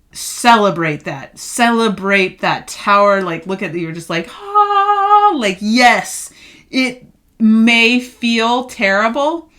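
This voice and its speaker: A bright-voiced woman talks her way through a tarot spread in a loose, chatty way. She gets fired up and emphatic, with lots of filler words. Her tone stays clear and forward. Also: mid-range voice. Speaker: tarot reader. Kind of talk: casual tarot reading monologue.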